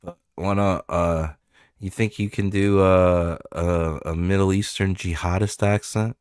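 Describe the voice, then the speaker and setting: A man's voice: sits low, steady tone, unhurried, darkish tone, smooth, no room sound, studio quality. A man hosting a casual stream chat, crude, blunt and joking.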